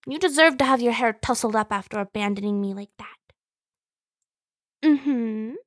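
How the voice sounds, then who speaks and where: A woman voicing a teasing, clingy adult younger sister in a whispered role-play, with playful breathy whispers and frequent giggles. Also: fairly high pitch, normal speed, dry recording, clean studio sound, natural voice.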